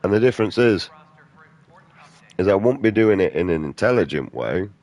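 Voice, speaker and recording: A man's voice: deep voice, expressive, moderate pace, darkish tone. A man, a gaming streamer delivering an aggressive, profane rant in blunt slang. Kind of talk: angry off-topic rant during gameplay.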